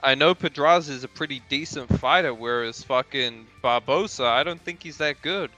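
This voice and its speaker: Bright-voiced laid-back young man. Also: medium pitch, moderate pace, muffled recording, soft background music. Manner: laid-back, crude, laughing easily. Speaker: podcast co-host. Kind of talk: casual boxing chat.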